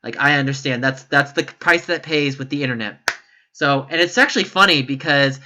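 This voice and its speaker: A man's voice: mid-range voice, brisk, sharp tone, a little hiss or hum. A man giving opinion commentary in a vlog, talking in an emphatic, rambling way and breaking into sudden exasperated outbursts. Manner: rambling, self-correcting delivery. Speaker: YouTube commentator.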